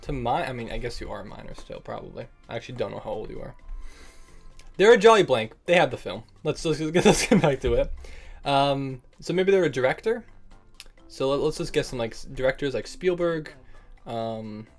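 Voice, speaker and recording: A man's voice: mid-range voice, expressive, moderate pace, creaky, soft background music. A young man streaming and chatting casually with viewers, joking and laughing often and calling people bro and man. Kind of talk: casual livestream chat.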